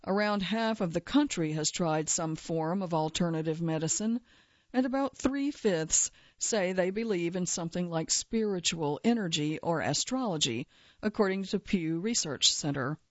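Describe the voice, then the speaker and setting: A woman's voice: fairly low pitch, expressive, normal speed, no echo, highs cut off. A woman journalist telling a first-person feature story in a wry, dry way. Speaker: journalist narrator.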